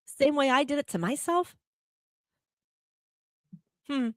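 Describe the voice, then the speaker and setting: A woman's voice: high-pitched, slow, no room sound, clean studio sound. A woman hosting a reflective spiritual talk show, who often puts rhetorical questions to the listener. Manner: animated, laughing when telling about herself. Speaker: podcast host.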